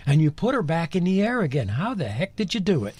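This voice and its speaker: A man's voice: fairly high pitch, sing-song, fast talker, darkish tone, husky. A man co-hosting a live aviation radio show, chatty and enthusiastic as he introduces a guest. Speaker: radio co-host.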